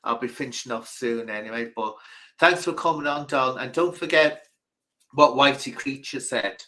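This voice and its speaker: A middle-aged man hosts a casual livestream chat with a bright, forceful voice. He tells stories in an animated way and acts out the people he quotes. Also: mid-range voice, moderate pace, low-quality recording. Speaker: host.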